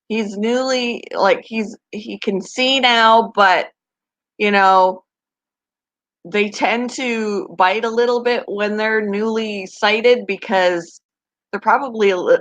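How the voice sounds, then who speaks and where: A woman's voice: medium pitch, slow pace, fairly bright tone, low-quality recording. A woman hosting her pet channel, chatting casually to viewers and gushing over tiny baby animals. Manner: chatty, gushing, laughs often. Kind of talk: casual live chat to viewers.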